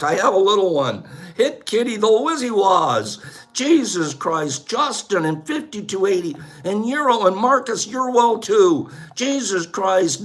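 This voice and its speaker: A man with a high voice signs off his livestream at an unhurried pace, reading out viewers' names one after another. He sounds upbeat and playful, and he lifts his pitch on many of the names. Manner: upbeat, reels off long lists of viewer shout-outs. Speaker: livestream host. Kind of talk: casual livestream sign-off.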